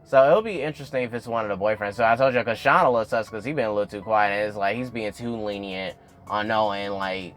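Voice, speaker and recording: Casting: young man, low-pitched, chatty YouTube recap host, faint music underneath. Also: quick pace. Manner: animated, addresses viewers as y'all, swings up in pitch when excited. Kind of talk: casual episode recap.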